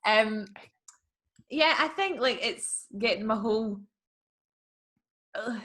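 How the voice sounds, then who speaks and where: A woman's voice: fairly high pitch, takes it slowly, a bit bright. A young woman co-hosting a podcast in casual chat, rambling through stories with lots of fillers. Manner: chatty, rambling storyteller, many "like" fillers. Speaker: podcast co-host.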